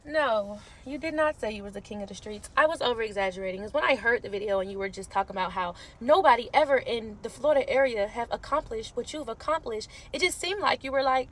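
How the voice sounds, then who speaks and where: A woman's voice: fairly high pitch, fast talker. A woman heatedly calling someone out to camera, sassy and cursing, mocking him as she goes. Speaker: social media creator in a feud.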